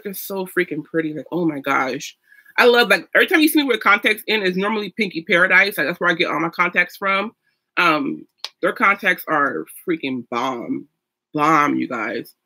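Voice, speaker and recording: A woman's voice: on the low side, fairly bright tone, slightly rough. A young woman chatting casually while doing her makeup at home, gushing and full of fillers. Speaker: beauty vlogger. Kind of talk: casual get-ready-with-me chat.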